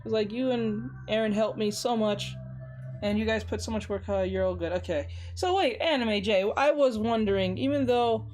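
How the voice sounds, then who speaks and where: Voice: medium pitch, moderate pace, darkish tone. An art streamer in casual livestream chat while drawing, teasing viewers playfully and talking through each sketching step.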